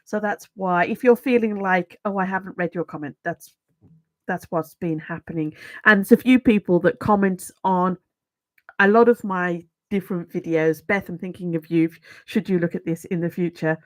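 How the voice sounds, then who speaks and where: A middle-aged Englishwoman with a Brummie accent, hosting a YouTube channel, chats casually and pokes fun at herself in a livestream. Her voice is fairly low and her pace moderate, with no room sound in the recording.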